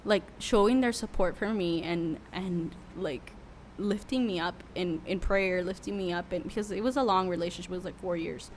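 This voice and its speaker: A woman's voice: lowish voice, moderate pace, hardly any pauses, a little hiss or hum. A young adult woman, a worship leader who is a podcast guest, telling a candid, emotional story with many fillers in a casual interview.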